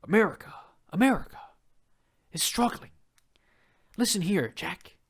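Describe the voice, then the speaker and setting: Young guy doing a rambling old politician bit, kinda high, mumbly and halting. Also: expressive, breathy edge, exaggerated voice. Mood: mock-confused. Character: rambling elderly male politician, folksy.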